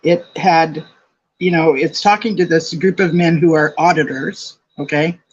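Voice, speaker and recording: Husky older woman, lo-fi. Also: low voice, fairly even intonation, a little slow. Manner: thoughtful, reasoning aloud. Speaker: co-host. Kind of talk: casual commentary chat.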